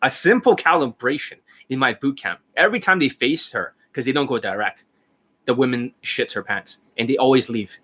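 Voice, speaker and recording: Bright, husky-voiced blunt man coaching. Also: mid-range voice, lively intonation, normal speed. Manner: blunt, profane, demonstrative. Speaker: dating coach. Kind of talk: casual instructional talk.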